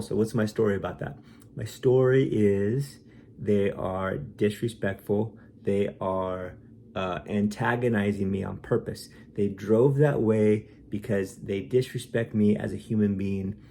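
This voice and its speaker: A man speaking as a self-help author, calmly explaining ideas in a reflective monologue with fillers and restarts. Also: on the low side, a little slow, vocal fry, a little hiss or hum.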